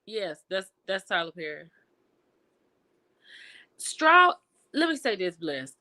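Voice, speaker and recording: Bright, animated woman chatting with viewers. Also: on the low side, moderate pace. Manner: animated and expressive, with exclamations; talks to viewers directly, reading and answering chat. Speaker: livestream host reviewing TV and film. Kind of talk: casual chat with viewers.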